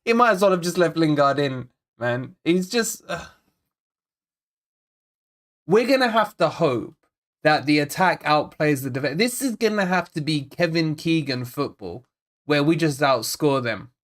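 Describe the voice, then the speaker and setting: A fan channel host with a fairly high, animated voice runs a live football watch-along, unhurriedly chatting to viewers. He rambles and repeats himself, fretting over the team and reading out chat messages.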